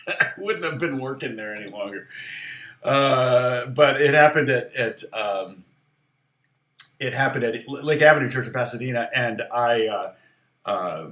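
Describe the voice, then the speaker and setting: A man's voice: mid-range voice, measured pace, long pauses, fairly bright tone, echoey room. A middle-aged man giving a casual livestream guitar lesson, chatty and rambling, with many fillers and restarts. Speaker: guitar teacher.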